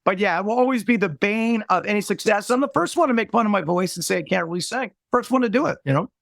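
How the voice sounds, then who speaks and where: A man, a musician, telling a moving story in an interview, earnest, halting, with many restarts, choked up near tears. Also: sits high, vocal fry, a bit bright, dry recording. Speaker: musician guest.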